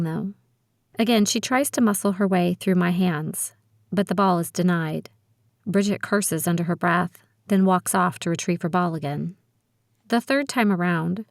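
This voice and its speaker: A woman reading a teen spy thriller audiobook aloud in the first person, with brisk, expressive storytelling. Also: on the low side, no echo, studio quality. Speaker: audiobook narrator. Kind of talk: first-person scripted narration.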